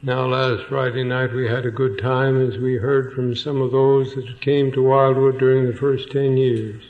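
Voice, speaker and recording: A man's voice: mid-range voice, flat delivery, narrow, tinny audio. A man preaching an evening sermon, reading a passage aloud, then repeating key phrases and putting questions to his listeners. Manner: slow and deliberate, repeats phrases for emphasis. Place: evening church meeting.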